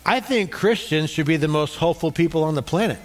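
A man's voice: fairly high pitch, a little fast. A middle-aged male pastor preaching a sermon, leading the congregation in call-and-response.

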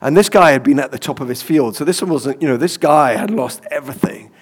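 A man's voice: a little high, fast, slightly rough. A man preaching in a conversational way, telling personal stories with fillers and chuckles.

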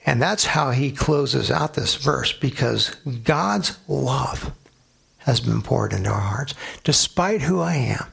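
A man's voice: medium pitch, animated, takes it slowly, creaky, a bit bright, breathy edge. A man preaching a sermon as a pastor, emphatic, asking the listeners rhetorical questions and answering them.

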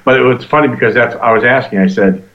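A man hosting a paranormal radio show live from a hotel, chatting casually and telling stories with quick laughs. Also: mid-range voice, lo-fi sound. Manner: animated storytelling, quick laughs.

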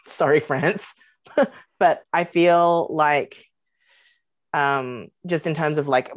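Low-voiced woman guest, hesitant, dry sound. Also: no echo. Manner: rambling, hesitant, many ums and likes. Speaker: podcast guest. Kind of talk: casual podcast chat.

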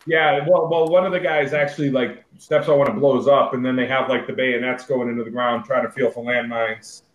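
A relaxed man chatting about a movie as a podcast co-host, his mid-range voice bouncing around an echoey room. He swears casually and leans on filler words. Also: medium pitch, fairly quick. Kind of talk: casual movie review chat.

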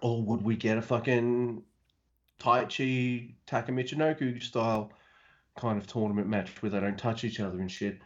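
A man's voice: medium pitch, fairly even intonation, normal speed. A man co-hosting a casual wrestling podcast, laid-back and recapping matches with dry jokes. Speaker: podcast co-host. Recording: slightly dull lo-fi audio.

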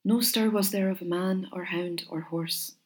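A woman narrating an old legend in a measured, gentle storytelling manner with expressive pauses. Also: fairly low pitch.

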